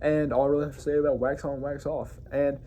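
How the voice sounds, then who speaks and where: A man's voice: fairly high pitch, little pitch movement, fast talker, warm tone, slight background noise. A man hosting his own review show, giving a loose, casual recap of an episode with frequent self-corrections and enthusiastic asides.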